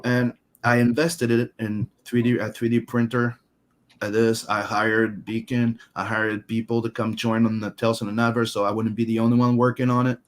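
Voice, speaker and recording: A man's voice: mid-range voice, little pitch movement, normal speed. A man from Canada co-hosting a live stream, talking loosely and swearing freely, with lots of filler phrases. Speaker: streamer co-host. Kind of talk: casual live-stream chat.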